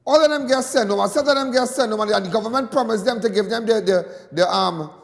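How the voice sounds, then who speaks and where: Trinidadian male caller, very high voice, heated and repetitive, with a long echoing reverb. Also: fast, vocal fry. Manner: impassioned, repetitive, indignant. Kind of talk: call-in talk radio rant.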